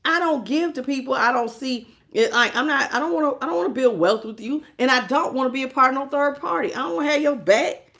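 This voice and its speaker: A woman's voice: high-pitched, fast talker, vocal fry, fairly bright tone. A woman doing a tarot reading to camera, sassy and emphatic, often laughing as she talks. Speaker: tarot reader.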